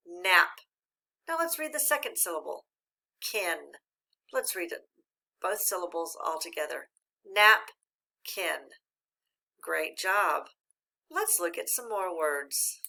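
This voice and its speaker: A woman teacher giving a slow, patient phonics lesson, speaking clearly and sounding out each syllable. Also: lowish voice, pushed and bright. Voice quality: clear, deliberate enunciation of syllables.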